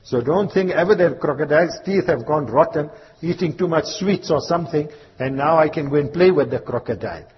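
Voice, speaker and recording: A man giving a slow, emphatic religious talk in English, mixing in Urdu verse and Arabic terms. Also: on the high side, slightly rough. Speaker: Islamic preacher. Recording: dull reverberant hall recording with faint hiss.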